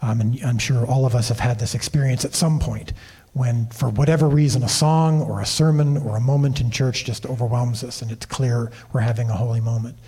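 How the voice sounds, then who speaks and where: Fairly quick and slightly rough, a mid-range male voice belongs to a TV series creator and director recounting behind-the-scenes tales as a convention-stage interview guest. He's animated and keeps restarting his sentences.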